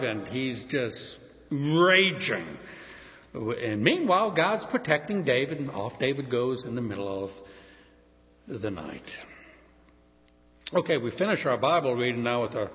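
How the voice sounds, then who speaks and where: A man preaching a sermon, retelling a story with lively asides to the congregation. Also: mid-range voice, measured pace. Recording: dull recording in a reverberant hall.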